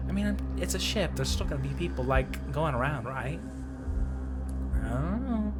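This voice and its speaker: A gamer reading a text adventure aloud and reacting with frustrated, profane outbursts and bursts of shouting. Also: mid-range voice, moderate pace, over music. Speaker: let's play gamer.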